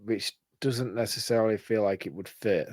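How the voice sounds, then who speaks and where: A man's voice: on the low side, moderate pace, a little mellow, no room sound, clean studio sound. A man co-hosting a podcast in casual chat, laid-back and easily stumped, often laughing. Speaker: podcast co-host. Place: podcast studio.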